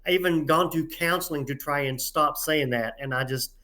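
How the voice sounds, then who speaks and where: A man with a Southern drawl, a referee guest telling stories in an interview, halting with many filler sounds and a folksy, self-deprecating manner. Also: fairly high pitch, bright, forceful tone. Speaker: head tournament referee, guest. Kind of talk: casual interview storytelling.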